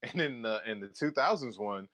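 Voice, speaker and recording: A man's voice: medium pitch, lively intonation, moderate pace, a bit bright. Guy joking around about movies, voice all over the place, kinda sarcastic. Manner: wry, jokey, swears freely. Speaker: podcast co-host. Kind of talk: casual movie chat.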